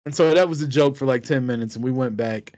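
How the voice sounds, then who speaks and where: A man's voice: medium pitch, quick pace, no room sound, lo-fi sound. A man in his thirties, co-host of a podcast, telling a story casually with lots of laughter and swearing. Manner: profane, laughing, animated storytelling.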